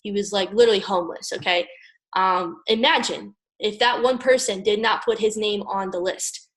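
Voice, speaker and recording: A young woman from Maryland giving an energetic motivational coaching talk, repeating "guys" and "okay" and acting out phone calls. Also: medium pitch, normal speed, low-quality recording. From Maryland, USA. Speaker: network marketing team leader.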